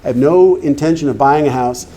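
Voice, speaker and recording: Speaking briskly in a dark, somewhat high voice, a middle-aged recovery speaker recounts his journey to a meeting hall audience. He laughs along the way and plays out the conversations himself.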